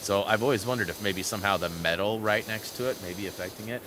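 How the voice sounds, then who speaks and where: Bright-voiced man rambling over gameplay. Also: lowish voice, quick pace, a little hiss or hum. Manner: rambling storyteller, animated, reads chat aloud. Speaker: gaming channel host. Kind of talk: chatty gameplay commentary. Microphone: headset.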